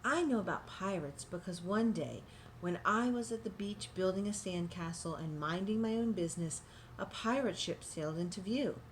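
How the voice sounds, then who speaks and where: A woman's voice: on the low side, expressive, moderate pace, a little hiss or hum. Woman reading a picture book aloud. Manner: gentle, explaining asides to young listeners. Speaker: storybook reader.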